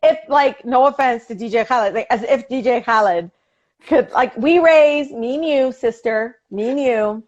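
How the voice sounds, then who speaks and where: A woman politician chatting as an interview guest over a video call, telling animated stories, laughing often and acting out family dialogue. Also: on the high side, moderate pace, dull audio.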